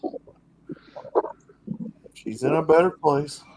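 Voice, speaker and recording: A man's voice: a little high, slow, a little mellow, rough recording. A man in a casual live stream chat, jokey and easygoing on an online call.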